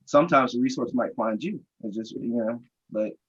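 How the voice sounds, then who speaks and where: Panelist, male, husky voice, slightly muffled lo-fi audio, earnest storyteller. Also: medium pitch, moderate pace. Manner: reflective storyteller, quotes dialogue.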